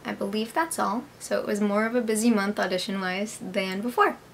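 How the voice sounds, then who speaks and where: A woman's voice: mid-range voice, fairly even intonation, fairly quick, vocal fry, faint music behind. A young American woman, an actress, hosting her own vlog and chatting casually as she answers viewers' questions, upbeat and full of "like". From United States. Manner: chatty and upbeat, with frequent "like" and "I believe".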